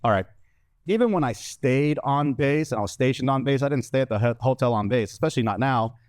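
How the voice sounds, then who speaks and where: A man's voice: medium pitch, brisk, darkish tone, no echo. A man doing stand-up comedy, telling a story in a brash manner and acting out the lines of other people in put-on voices.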